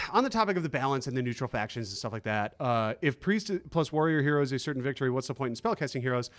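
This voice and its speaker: A man's voice: mid-range voice, animated, quick pace, fairly bright tone. A man co-hosting a game developer's live stream, chatting casually, joking, and answering viewer questions while a colleague plays. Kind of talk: casual chat and game commentary.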